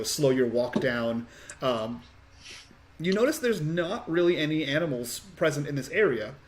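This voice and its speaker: A man of mid pitch narrates a tabletop game as its game master. He describes the scene in an unhurried way, filling the pauses with ums and uhs. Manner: unhurried, with many fillers.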